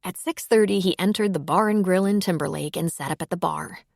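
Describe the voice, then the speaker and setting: Female audiobook reader, lowish voice, very dry close recording. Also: a little fast, vocal fry, darkish tone, no room sound. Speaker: audiobook narrator. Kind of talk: scripted narration.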